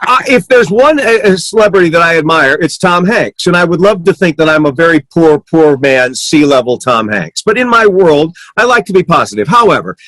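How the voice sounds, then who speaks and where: Dry, higher-voiced joking man. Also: animated, brisk, few pauses, a bit bright, dry recording, low-quality recording. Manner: self-deprecating, joking. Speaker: podcast co-host. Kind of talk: casual chat.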